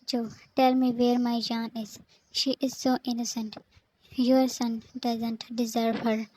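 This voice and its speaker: A woman reading the lines of a worried middle-aged father in a fanfic story, in a flat, even way. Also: a little high, slow pace, slight background noise, rough recording.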